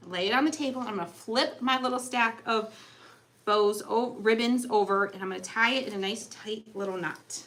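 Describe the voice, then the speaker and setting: A middle-aged woman hosts a live crafting tutorial from her home craft room, chatty and playful, laughing often and teasing. Her voice is a little high with a sharp tone.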